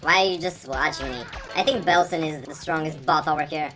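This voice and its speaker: Low-voiced woman teasing game characters. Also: brisk. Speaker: gameplay commentator. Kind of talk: playful let's-play commentary. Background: game music.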